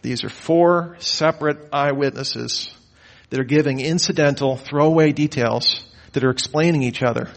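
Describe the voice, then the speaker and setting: Man, Bible teacher, lecture, rhetorical questions, mock disbelief, somewhat raised pitch. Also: moderate pace, vocal fry. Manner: lively, questioning delivery, mock-incredulous asides. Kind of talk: lecture on the Gospels.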